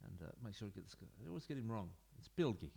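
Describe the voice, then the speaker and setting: Very animated and rapid-fire, a man with a low, gravelly, warm and slightly rough voice plays a football management game at home. He's a gaming YouTuber offering rambling let's-play commentary and offhand asides to viewers, recorded on a desk mic into his computer.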